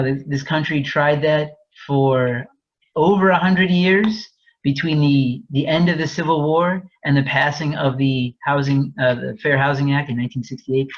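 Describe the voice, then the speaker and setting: A man's voice: fairly high pitch, highs cut off. A man presenting a fair housing webinar, explaining in a candid, conversational way with frequent restarts. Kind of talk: webinar lecture.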